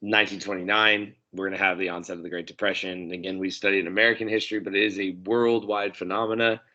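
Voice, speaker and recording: Low-voiced man on lo-fi podcast audio. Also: little pitch movement, bright, forceful tone. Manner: laughs easily, quick quips. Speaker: podcast co-host. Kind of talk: casual history chat. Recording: dull lo-fi sound.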